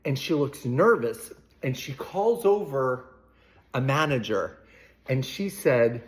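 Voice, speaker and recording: A man's voice: mid-range voice, expressive, takes it slowly. A man casually telling a rambling, chatty anecdote to the camera, with playful asides. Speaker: vlogger.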